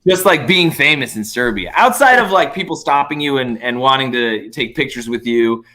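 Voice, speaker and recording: Guy chatting on a podcast, bright voice, rambling animated stories with swearing. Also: mid-range voice, moderate pace. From United States. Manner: animated, lots of fillers and swearing. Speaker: podcast guest, YouTuber. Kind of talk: casual storytelling chat.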